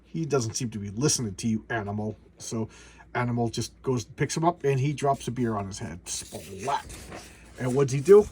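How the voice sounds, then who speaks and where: Husky-voiced sarcastic comic book vlogger. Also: male voice, mid-range voice, animated, normal speed, a little mellow. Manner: sarcastic, rambling, with many restarts. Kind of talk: casual video commentary.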